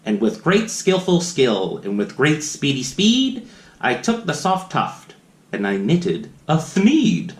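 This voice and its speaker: A man's voice: a little high, wildly swooping pitch, takes it slowly. A man reading a children's picture book aloud in sing-song rhyme, breaking off for playful asides to the young listeners. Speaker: children's story reader. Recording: roomy echo.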